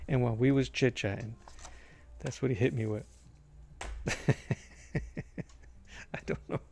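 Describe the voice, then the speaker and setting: A man's voice: mid-range voice, a little slow, vocal fry. A man from Massachusetts, a comic artist, chatting casually while he draws and telling stories with restarts and chuckles. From Massachusetts, USA. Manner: rambling, storytelling with restarts and chuckles. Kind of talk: casual chat while drawing. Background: soft background music.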